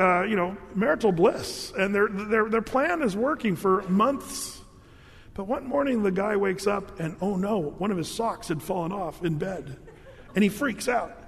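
Guy pastor preaching, high-ish voice, jokey rambling stories, big hall echo. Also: gravelly, slight background noise. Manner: storytelling, animated with jokes and asides. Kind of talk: sermon.

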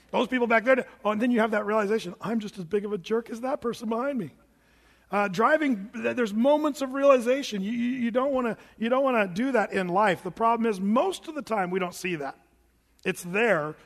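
A man preaching a sermon in a conversational way, with lively asides and acted-out quotes. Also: high voice, in a large hall. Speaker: pastor.

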